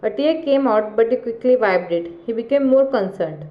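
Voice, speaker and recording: A woman narrating a second-person fan fiction story in a steady, plain storytelling manner. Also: fairly high pitch, fairly quick, highs cut off.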